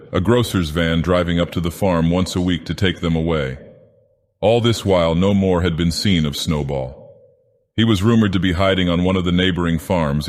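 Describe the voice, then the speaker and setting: A man narrating an audiobook in character as an ancient menacing god-villain, with a grave, deliberate delivery. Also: deep voice, lightly acted. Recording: long hall reverb.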